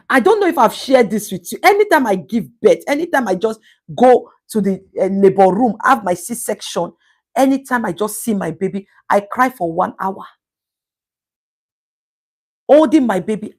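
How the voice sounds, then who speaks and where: A woman with a Nigerian English accent talks to her live-stream viewers and reads out their comments as she goes. She is emphatic and preachy, and she repeats words to hammer a point home. Her pitch is average for a woman. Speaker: livestream host reading viewer comments. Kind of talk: casual live-stream talk.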